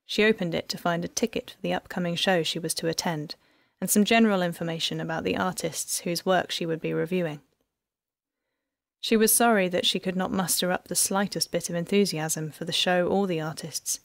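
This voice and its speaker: A woman narrating an audiobook in an even, measured storytelling manner. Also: fairly low pitch, creaky, dry recording, studio quality. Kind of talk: scripted narration.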